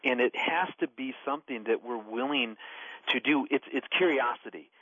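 A man in his forties, a radio talk guest, telling family stories in an animated way with bursts of laughter. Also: mid-range voice, normal speed, no echo. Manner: storytelling, animated and laughing while recounting. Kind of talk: radio talk about marriage. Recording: dull, dry radio studio sound.

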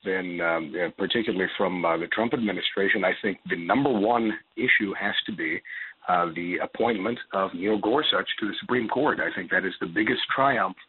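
Radio guest over phone line: man, congested, low-ish, measured with lots of pauses, tinny. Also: breathy edge, no room sound. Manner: measured, many filler pauses. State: congested, partly lost voice. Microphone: telephone studio line.

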